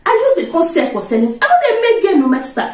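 A woman putting on a loud, pleading female tomato seller who haggles in market Pidgin. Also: big pitch swings, quick pace. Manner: Nigerian Pidgin market haggling, high and insistent. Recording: roomy, from a distance.

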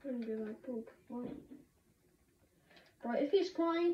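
Excitable woman gamer, high voice, roomy distant lo-fi sound, faint hiss. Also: measured pace, long pauses. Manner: excitable, laughing, shouting bursts. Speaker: gamer streaming a match. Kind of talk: excited gaming commentary.

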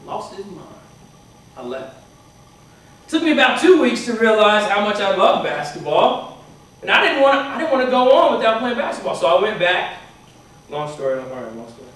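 Very animated and slightly bright, this man's high voice moves at a normal speed with frequent pauses. He is a motivational speaker in a university hall, telling students a chatty story and often asking "right?". The echoey hall is recorded from far off.

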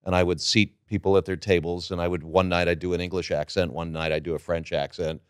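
Deep smooth voiced guy in his middle years telling old work stories on a podcast, dry mic. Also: little pitch movement, quick pace, dry recording. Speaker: guest actor. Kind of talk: casual interview chat.

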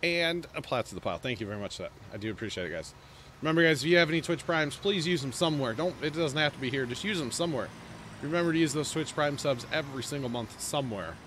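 A man's voice: a little high, expressive, fast talker, fairly bright tone, slight background noise. A man hosting a livestream of a farming game, chatting with friends and thanking subscribers in a rambling, casual way. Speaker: streamer host.

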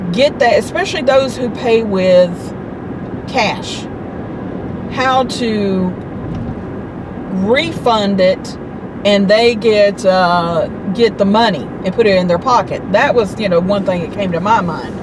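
A woman's voice: mid-range voice, background noise. A middle-aged woman telling a story to her vlog in a chatty, indignant way. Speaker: vlogger. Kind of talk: casual storytelling.

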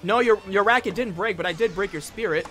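A man's voice: high voice, quick pace, fairly bright tone. A man hosting a casual gaming stream, joking and teasing his co-player in playful banter. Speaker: stream host.

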